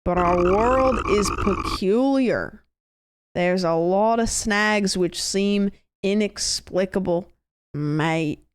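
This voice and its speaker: Woman putting on a slow, drawn-out Australian guy musing on theories, ends lines with "mate". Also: medium pitch, slight background noise, close to an everyday voice.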